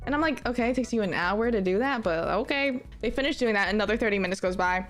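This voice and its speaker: A young woman telling a story about a travel mishap, swearing freely and swinging between flat grumbling and disbelieving outbursts. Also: mid-range voice, quick pace, few pauses. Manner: animated, swears a lot, swings from flat complaint to shrieking disbelief. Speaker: streamer. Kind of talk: casual storytime vlog.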